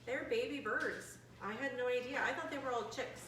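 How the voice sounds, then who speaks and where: A woman in her forties leading a bird trivia quiz for seniors, chatty and friendly, reading questions out slowly. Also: a little high, fairly bright tone, a little hiss or hum. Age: 40s. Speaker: activity leader. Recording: echoey room, from a distant mic.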